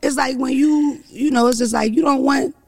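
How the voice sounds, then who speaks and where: A woman with a deep, raspy voice, talking loudly and bluntly in a casual chat, swearing freely and telling animated stories. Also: moderate pace, long reverb tail.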